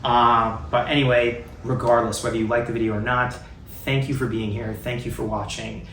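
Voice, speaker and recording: A man talks through a drum lesson in a relaxed, rambling way, filling gaps with ums and restarting his sentences. His voice sits at a middle pitch. It sounds roomy and set back from the mic, with faint ambience behind him. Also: moderate pace, distant mic, slight background noise. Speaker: drum teacher. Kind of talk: casual spoken lesson.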